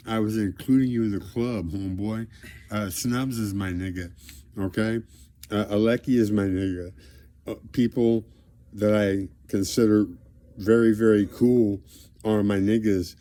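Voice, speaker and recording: A man rambling grandly in a direct-to-camera monologue, drifting between loud declarations and low mumbles. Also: dry recording. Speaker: vlogger addressing a celebrity.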